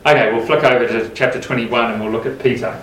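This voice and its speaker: A man's voice: mid-range voice, steady tone, fast, a bit bright, a little hiss or hum. A man leading a group Bible study, talking casually and asking the group questions. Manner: conversational, asks the group questions. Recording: roomy, mic at a distance.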